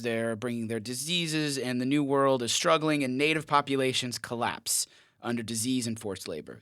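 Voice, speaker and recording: A man at an ordinary mid pitch sums up history with easy enthusiasm. The sound is close and dry. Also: fairly bright tone, no room sound. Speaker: teacher and podcast co-host. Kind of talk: casual history review chat.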